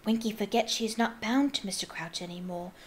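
A woman voicing a small, nervous, devoted male house-elf who squeaks and speaks in broken grammar. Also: a little fast, a little hiss or hum, natural voice. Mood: earnest. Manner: squeaky, broken grammar, calls everyone sir.

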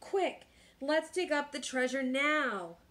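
A woman's voice: high-pitched, expressive, takes it slowly, a bit bright, voice pushed up, exaggerated voice. A woman voicing an earnest young boy speaking up with an eager, raised voice. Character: earnest young boy telling his story.

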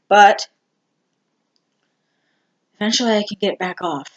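A vlogger giving a candid personal update, talking slowly and haltingly with many ums and restarts. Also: medium pitch, dull audio, a little hiss or hum. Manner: candid and self-deprecating. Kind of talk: casual personal health update.

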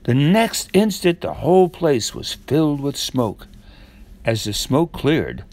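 An older man reading a fairy tale aloud to children in a gentle, measured way. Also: medium pitch. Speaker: storyteller.

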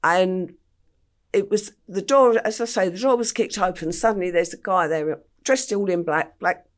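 With a lowish voice, an older woman from England recounts her life story as a podcast guest. She speaks in a plain, unhurried way and says um often.

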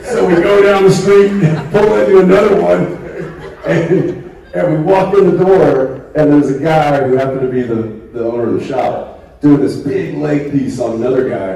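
A man's voice: on the high side, normal speed, vocal fry, mellow. A man, an actor guest on a convention panel, telling a rambling, laughing story on stage. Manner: laughing, rambling anecdote with acted-out quotes. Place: large convention hall. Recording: echoey hall from far off, noisy.

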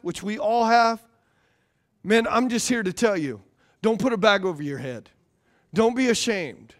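A male pastor with a high, light voice delivers a sermon. He preaches in a casual, animated way and keeps repeating key phrases for emphasis.

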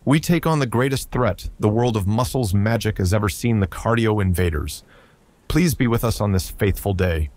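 A man voicing a boastful, muscle-bound male wizard leader who makes booming proclamations. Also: expressive, normal speed, a little mellow, lightly acted. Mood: solemn.

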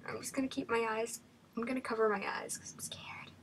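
A woman's voice: fairly high pitch, steady tone, brisk, a bit bright. A young woman giving nervous, frightened commentary while playing a horror game, often dropping to a whisper. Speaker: gamer.

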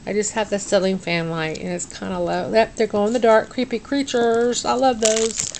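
A woman's voice: medium pitch, fairly even intonation, moderate pace, darkish tone, a little hiss or hum, poor audio. A middle-aged woman, chatting casually as she unboxes a craft package at home, sounding tired and tongue-tied. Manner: drowsy, sluggish and tongue-tied. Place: dim room at home.

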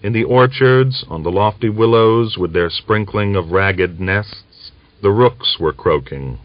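A man narrating a novel as an audiobook reader, in a measured, even storytelling manner. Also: fairly low pitch, dry recording, muffled recording. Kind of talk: scripted narration.

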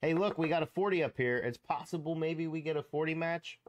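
A man's voice: a little high, a little fast. A man hosting a scratch-off ticket channel, commenting casually and exclaiming as he counts numbers aloud. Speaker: lottery scratch-off channel host.

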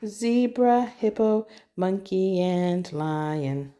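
A woman's voice: medium pitch, lively intonation, drawn-out words, mellow. A mother patiently reading an alphabet workbook aloud with her child, spelling words letter by letter and echoing the child's prompts.

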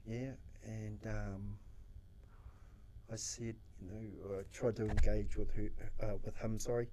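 A man's voice: lowish voice, level tone, unhurried, warm tone, slight background noise. A New man, a social worker, telling stories in a casual interview, acting out his own quotes and swearing freely. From New Zealand.

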